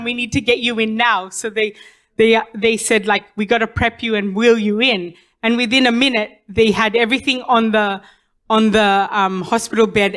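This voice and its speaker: A woman's voice: on the high side, fairly bright tone. A young adult woman giving a personal testimony in church, telling her story with many fillers and restarts.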